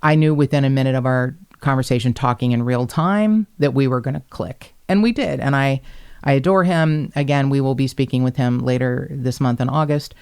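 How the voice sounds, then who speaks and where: A woman hosting a podcast, telling stories in a casual, animated way, blunt and quick to swear. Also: extremely low pitch, clear, resonant tone. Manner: animated, blunt storyteller who swears freely. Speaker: podcast host. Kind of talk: casual chat.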